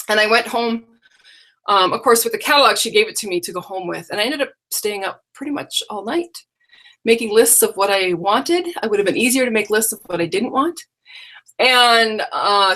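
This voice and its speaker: A middle-aged woman hosts a live stream from her computer, chatting in a rambling way and frequently correcting herself. Her mid-range voice is a bit bright. It's a casual live-stream chat picked up by a computer microphone.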